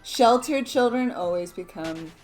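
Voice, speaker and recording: A woman's voice: a little high, lively intonation, a little slow, a little mellow, faint music behind. A woman co-hosting a gaming stream, chatting casually with teasing, joking banter. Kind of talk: casual chat while gaming.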